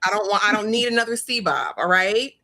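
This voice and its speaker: Woman, mid-pitched voice, emphatic, repetitive ranting, casual co-host. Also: fairly quick, pushed and bright. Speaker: podcast co-host. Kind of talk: casual chat reviewing a TV episode.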